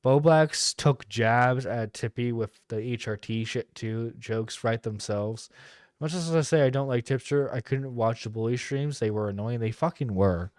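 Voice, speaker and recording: A man's voice: medium pitch, moderate pace, a little mellow, no room sound. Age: adult. Sex: man. Role: internet radio host. Style: casual live-stream commentary, profane and rambling, dry close mic.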